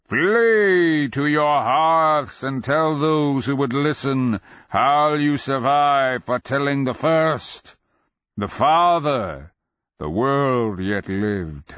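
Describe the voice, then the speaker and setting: Man playing a croaking dead dragon, menacing, very slow, lo-fi dry sound. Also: lively intonation, fairly bright tone, no echo. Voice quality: booming croak. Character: ancient undead dragon, booming, croaking, scornful. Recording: dull lo-fi dry recording.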